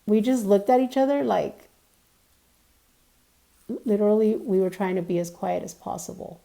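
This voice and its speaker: A woman's voice: mid-range voice, measured pace, creaky, pauses often, warm tone. A young woman vlogger casually telling a personal story, rambling with lots of "like" and "you know".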